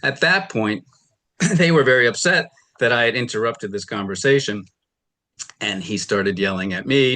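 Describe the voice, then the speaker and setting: A man's voice: mid-range voice, moderate pace, bright, forceful tone. A man testifying as a litigant in a courtroom, rambling through his account and retelling arguments with quoted dialogue. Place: television courtroom.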